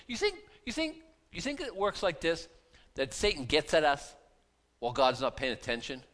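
A pastor preaching a sermon in a conversational, animated way, full of rhetorical questions. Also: male voice, on the high side, normal speed.

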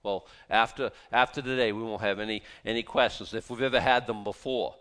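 A man's voice: medium pitch, fairly even intonation, fairly quick, hardly any pauses, a bit bright, big-room sound. A man preaching a sermon with passion and zeal, mixing in mocking asides. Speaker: pastor.

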